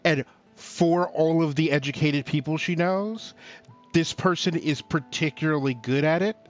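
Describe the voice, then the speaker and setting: A man co-hosting a casual livestream talk show, speaking slowly and haltingly with many fillers and restarts. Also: fairly high pitch, highs cut off.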